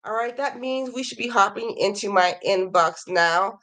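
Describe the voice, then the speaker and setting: A woman's voice: mid-range voice, moderate pace, fairly bright tone. A woman hosting a crochet podcast, chatting casually and enthusiastically as she reads out viewers' emails, her voice a little worn. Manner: chatty and enthusiastic, gushing over viewers' work. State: slightly losing her voice.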